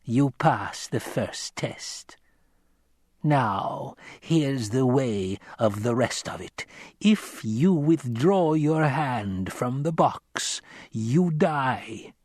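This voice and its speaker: A man's voice: mid-range voice, lively intonation, darkish tone, dry recording, clean studio sound. Man putting on a stern old crone. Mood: stern, menacing. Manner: slow, stern, commanding. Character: menacing old female witch-like crone.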